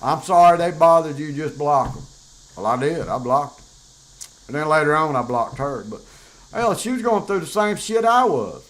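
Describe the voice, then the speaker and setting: A man's voice: fairly high pitch, a bit bright, poor audio. An older man, talking bluntly and profanely in a rambling, casual monologue as a show host. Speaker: podcast host.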